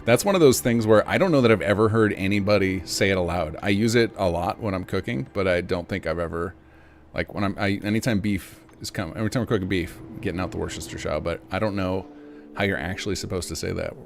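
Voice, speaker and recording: A man's voice: low voice, fast talker, creaky, slight background noise. An American man chatting casually to viewers on a live game stream, rambling in a chatty way. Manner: rambling, chatty, talks to chat.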